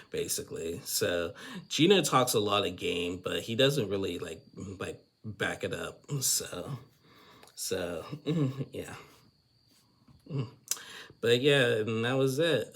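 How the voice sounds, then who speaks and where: A man's voice: fairly low pitch, vocal fry, a bit bright, slightly rough. A man hosting a casual, rambling recap of a reality show, chatty and full of restarts. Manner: rambling, chatty, with frequent restarts and "you know". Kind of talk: casual spoken episode recap.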